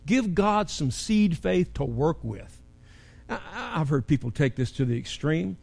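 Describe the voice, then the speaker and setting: A pastor preaching a sermon in a church, animated, with rising and falling emphasis. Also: male voice, a little high, measured pace, vocal fry, slightly rough.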